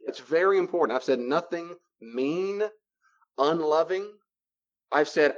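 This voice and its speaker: A man's voice: on the high side, lively intonation, unhurried, highs cut off. A man giving a conversational teaching talk on boundaries, animatedly acting out both sides of everyday dialogues. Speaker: Christian counselor teaching on boundaries.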